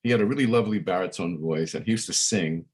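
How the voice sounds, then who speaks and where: A man's voice: sits low, fast talker, a little mellow, husky. A man, a musician guest chatting in an interview and rambling with many fillers and restarts. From Brooklyn, New York. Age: 60s. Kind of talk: casual interview chat.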